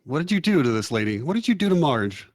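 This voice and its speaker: Gruff sheriff, cusses and barks questions, dry close sound, played by a man. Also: lowish voice, very animated, normal speed, a bit bright, no echo, heavily acted. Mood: demanding. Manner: cursing, barking questions. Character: gruff man, small-town sheriff, short-tempered.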